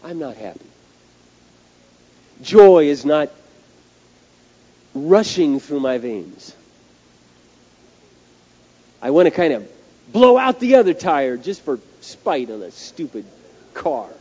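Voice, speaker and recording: Male pastor, high and very animated, emphatic storyteller, dull lo-fi recording. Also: slow pace, pauses often. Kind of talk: sermon with storytelling.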